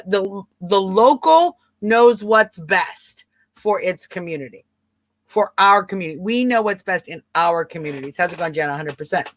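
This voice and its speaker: A woman's voice: mid-range voice, a bit bright, dry recording. A woman with a Southern twang hosting a live stream, chatting casually and answering viewers by name in an emphatic way. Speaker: livestream host.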